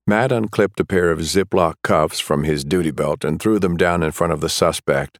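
A man narrating a thriller audiobook in a measured, steady way. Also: low-pitched, no room sound, clean studio sound.

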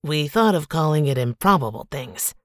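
A woman's voice: low voice, expressive, normal speed, no echo, clean studio sound. Woman doing a tiny, grandiose circus showman. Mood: showy. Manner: grandiose, playful showman patter. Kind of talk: audiobook character voice.

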